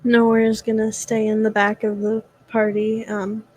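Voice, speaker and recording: A woman's voice: on the high side, monotone, unhurried, a little mellow, no room sound, rough recording. A woman playing in an online tabletop game, wry and teasing in casual chat. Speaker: player. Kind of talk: casual role-play chat.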